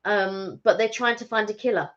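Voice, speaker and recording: A woman's voice: mid-range voice, fairly even intonation, moderate pace. A woman co-hosting a live stream, chatting casually and rambling with lots of restarts and fillers. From Britain. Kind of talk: casual chat. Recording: dull lo-fi live stream audio.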